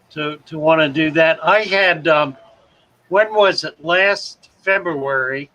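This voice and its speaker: Here a man with a high, sharp-toned voice runs a relaxed livestream, welcoming viewers by name, going through their comments, and poking fun at himself as he rambles. The recording is rough.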